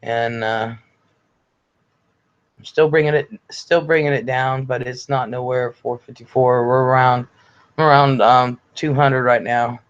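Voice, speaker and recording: A man's voice: mid-range voice, steady tone, a little slow, smooth. Older man chatting on a lo-fi livestream. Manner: chatty, blunt, swears freely. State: recovering from illness, congested. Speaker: livestream host. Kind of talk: casual livestream chat, reading viewer comments aloud. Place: at home. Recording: slightly dull lo-fi audio.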